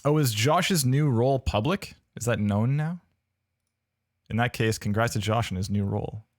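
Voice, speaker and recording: A man's voice: mid-range voice, expressive, normal speed, no room sound, clean studio sound. A man hosting a casual livestream where he reviews game audio demo reels, chatty and playful, rambling with fillers and restarts.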